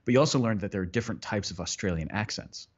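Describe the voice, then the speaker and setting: Low-voiced priest rambling on a podcast. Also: male voice, fast talker, husky, lo-fi sound. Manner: rambling, full of restarts and tangents. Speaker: priest co-host. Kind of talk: casual podcast chat.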